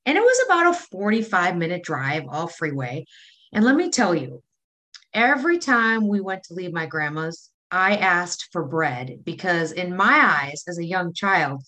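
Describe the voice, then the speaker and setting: Wisconsin lady cohosting a podcast, bright voice, chatty, laughs a lot. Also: lowish voice, sing-song, unhurried. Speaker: podcast co-host. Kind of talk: casual chat.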